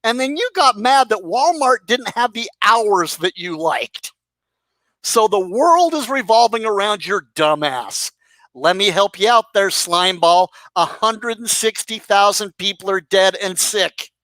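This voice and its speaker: A man's voice: sits high, expressive, a little slow, sharp tone, no room sound. A man ranting in a mocking, sarcastic roast full of swearing, aimed at another online personality. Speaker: commentary YouTuber. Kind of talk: profane roast rant.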